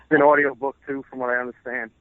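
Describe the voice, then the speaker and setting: A man being interviewed as a guest, speaking in a halting, jokey way full of fillers. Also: medium pitch, little pitch movement, no echo. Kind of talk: casual interview chat. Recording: tinny phone line, dry.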